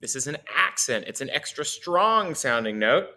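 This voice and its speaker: Lively, bright-voiced male music teacher. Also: on the high side, normal speed. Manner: lively, playful, chuckles often. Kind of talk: casual music lesson.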